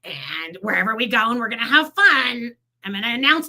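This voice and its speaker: A woman's voice: on the high side, brisk. A woman co-hosting a casual gossip podcast, swearing often and acting out what others said. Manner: animated, swearing, acts out quotes. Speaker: podcast co-host.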